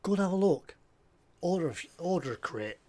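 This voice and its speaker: A scale model builder chats casually and jokily at his hobby workbench as he works on a model, rambling and often drifting off topic. His voice is high-pitched, expressive, brisk and warm.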